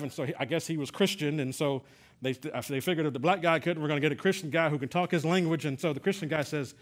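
A man's voice: fairly high pitch, fast. A middle-aged man from Texas preaching a sermon, telling a personal story in a conversational way with many fillers and restarts. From San Antonio, Texas. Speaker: pastor.

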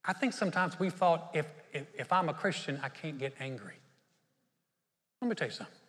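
A middle-aged man preaching a sermon as pastor, humorous and animated, telling stories with playful asides. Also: on the high side, fairly quick, long reverb tail.

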